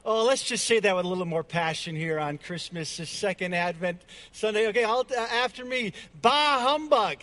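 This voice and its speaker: High-voiced man preaching a sermon. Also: fairly quick, few pauses, fairly bright tone. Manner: earnest, emphatic preaching with repeated words. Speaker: pastor.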